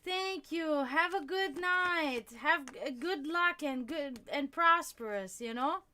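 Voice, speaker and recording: Woman, high voice, casual livestream host, chatty and giggly. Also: slow pace, pushed and bright. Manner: chatty, laughs often, thanks viewers.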